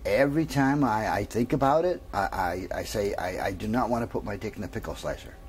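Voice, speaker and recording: A man's voice: lowish voice, animated, a little hiss or hum, natural voice. A man voicing a nervous male patient who keeps stumbling over his words, in a told joke. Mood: sheepish. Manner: halting, repeats words. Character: stammering, obsessed male patient.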